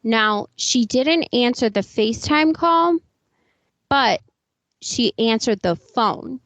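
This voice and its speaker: A woman's voice: fairly high pitch, expressive, takes it slowly, a bit bright, dry recording. A woman co-hosting a podcast, ranting in an indignant, profane and emphatic way in casual commentary. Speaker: podcast co-host. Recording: dull, lo-fi, dry sound.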